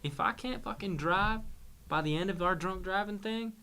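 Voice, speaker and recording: A man's voice: sits high, moderate pace, sharp tone, a little hiss or hum, voice pushed up. A man impersonating a rowdy, hard-drinking older male comedian with a Texas accent and a brash, swearing drawl.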